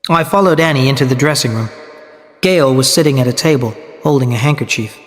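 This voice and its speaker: A man's voice: mid-range voice, brisk, faint music behind. Man reading a story steadily in a reverberant hall. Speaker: narrator. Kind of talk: scripted story narration for learners.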